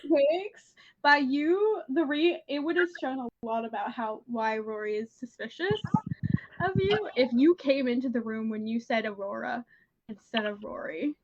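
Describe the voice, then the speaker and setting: Woman player, slow and hesitant, fairly high voice, lo-fi muffled mic. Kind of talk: casual tabletop game chat.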